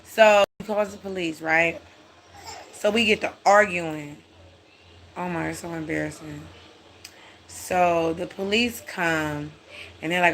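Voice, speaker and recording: A speaker telling a personal story in a casual, animated, blunt way with frequent swearing. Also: medium pitch, measured pace, slight background noise.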